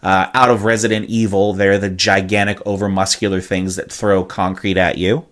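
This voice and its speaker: A man's voice: low-pitched, level tone, moderate pace, a bit bright. A man co-hosting a casual podcast, explaining things at length with hyperbole, cursing and many "uh"s. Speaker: podcast co-host.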